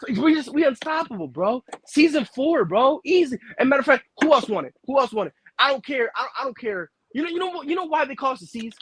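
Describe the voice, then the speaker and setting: A man's voice: very high-pitched, expressive, fast, hardly any pauses, fairly bright tone. A man co-hosting a sports talk show, bragging about his team with brash trash talk and heavy slang. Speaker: sports talk co-host, basketball fan. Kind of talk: casual sports banter.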